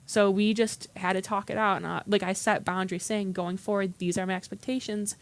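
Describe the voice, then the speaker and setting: A woman's voice: mid-range voice, fairly even intonation, brisk. A woman earnestly telling a personal story in a meeting room, acting out past conversations in quotes. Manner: earnest, recounts dialogue in quotes. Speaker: workshop participant.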